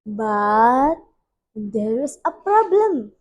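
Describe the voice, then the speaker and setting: A woman's voice: a little high, very animated, extremely slow, low-quality recording. A young woman with an Indonesian accent, a student reading a fairy tale aloud carefully, with small slips. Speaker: student storyteller.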